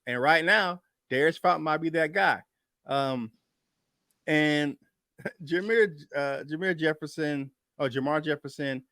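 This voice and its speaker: A man hosts a casual sports podcast in a slightly raised voice. He is loose and excitable and laughs between points. The sound is dry and close. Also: a little high, no echo. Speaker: podcast host.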